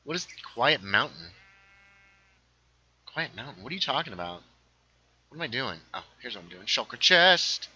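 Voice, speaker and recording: A man with a very bright, sharp, medium-pitched voice swings widely in pitch as he hosts a casual gaming livestream. He jumps from one thing to another, reads chat out loud and adds quick asides, all in poor audio.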